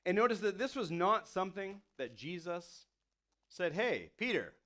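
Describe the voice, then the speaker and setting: Man, pastor, fairly high voice; relaxed talky sermon, playfully acts out quotes. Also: moderate pace. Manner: conversational, lots of "you know" and "like". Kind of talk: casual sermon.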